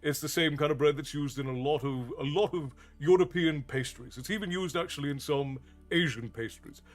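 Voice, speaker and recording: A man's voice: on the high side, normal speed. A man streaming his storytime show, chatting casually with his viewers in a rambling, self-amused way and laughing often. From United States. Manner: reads and answers viewer chat. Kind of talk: casual live-stream chat.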